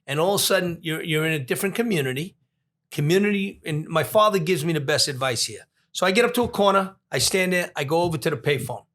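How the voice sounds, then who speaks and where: A man, a police commissioner telling a story as a podcast guest, animated and full of restarts. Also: fairly high pitch, fast talker. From Long Island, New York. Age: 60s. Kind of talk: storytelling in an interview.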